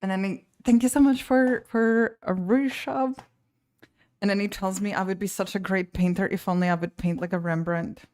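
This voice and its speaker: During a casual live stream, a female painter vents and grumbles, her talk wandering, exasperated, and broken by frequent restarts and unfinished thoughts. She has a mid-range, darkish voice with fairly even intonation and a moderate pace.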